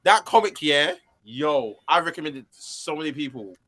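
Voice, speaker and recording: Man, podcast guest, casual chat, enthusiastic, high pitch, bright timbre. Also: animated, moderate pace. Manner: enthusiastic, stammers and restarts.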